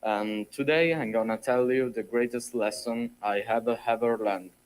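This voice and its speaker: A teenage boy opens a prepared speech with a few fillers before settling in. His voice sits at an ordinary pitch. He addresses a school audience. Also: steady tone, normal speed. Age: teens. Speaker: student giving a prepared speech.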